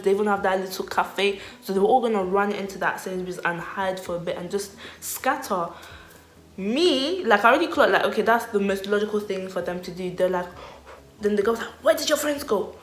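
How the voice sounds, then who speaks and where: A young woman telling a storytime vlog in animated, slangy style, laughing often. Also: mid-range voice, a little fast, echoey room. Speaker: vlogger.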